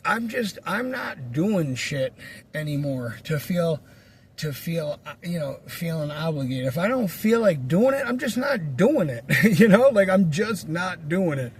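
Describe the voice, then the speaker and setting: Vlogger, male, raspy fry, curses constantly, loose and rambling. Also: on the high side, big pitch swings, a little slow, slight background noise. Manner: profane, rambling storyteller. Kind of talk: casual ranting monologue.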